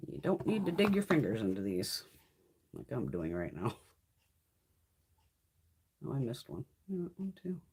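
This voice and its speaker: A woman's voice: fairly low pitch, slightly rough. A woman in her fifties chatting casually through a live makeup haul, swearing freely and laughing often. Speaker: beauty vlogger. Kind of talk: casual live-stream chat.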